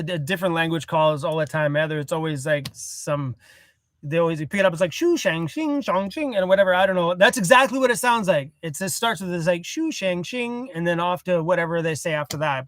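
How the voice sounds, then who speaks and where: A laid-back man with a fairly high voice rambles through a casual phone livestream from inside his parked van. The sound is dry and close, with no room echo. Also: a bit bright. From Canada. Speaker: van life vlogger. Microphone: cell phone.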